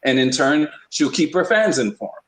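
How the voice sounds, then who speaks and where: A man's voice: on the high side, big pitch swings, normal speed, fairly bright tone. Rambling man in an echoey room. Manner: rambling, emphatic, lots of restarts. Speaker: podcast host. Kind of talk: casual opinion talk.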